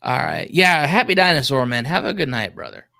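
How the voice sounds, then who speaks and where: Male streamer, lively pitch, bright tone, rambling and profane. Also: a little fast, vocal fry. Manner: rambling, profane, easily sidetracked. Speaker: livestream host. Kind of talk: casual livestream commentary.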